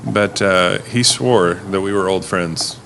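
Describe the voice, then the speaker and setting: A man's voice: low-pitched, slow pace, vocal fry, fairly bright tone, a little hiss or hum. A man who works as a rideshare driver telling stories in a casual chat, mimicking his passengers. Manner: easygoing storyteller, mimics passengers. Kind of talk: casual storytelling on a podcast.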